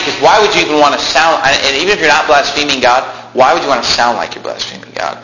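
A male pastor preaching a sermon in a church, emphatic, with animated asides. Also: medium pitch. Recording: echoey room with faint noise.

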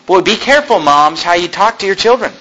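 Animated, high-voiced male preacher. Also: brisk, highs cut off, a little hiss or hum. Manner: animated, folksy preaching with asides and self-deprecating humor. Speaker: pastor. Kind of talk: sermon.

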